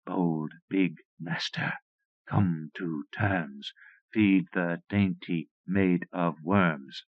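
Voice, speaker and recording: Man voicing a sweet coaxing ghost maiden, slow, raised pitch, dull dry audiobook recording. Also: animated, no room sound. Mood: chanting. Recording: muffled dry cassette recording.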